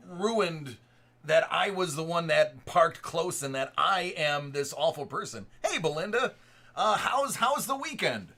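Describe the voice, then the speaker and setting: A live stream host in his thirties, with a slightly high voice and sharp tone, tells his chat a story in a rambling way, full of restarts and repeated words.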